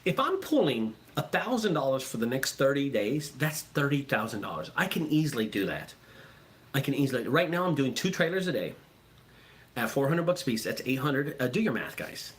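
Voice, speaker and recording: A man who runs a junk removal business, talking casually and excitably to his viewers, swearing freely and repeating himself. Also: medium pitch, fairly quick. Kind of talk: casual profane vlog talk.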